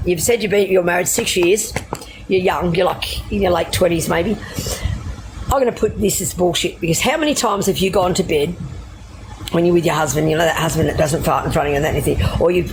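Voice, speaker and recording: A woman's voice: mid-range voice, slight background noise, poor audio. Blunt, foul-mouthed Australian woman. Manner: blunt, heavy swearing, laughing through her stories. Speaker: livestreamer. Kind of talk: casual storytelling to live viewers.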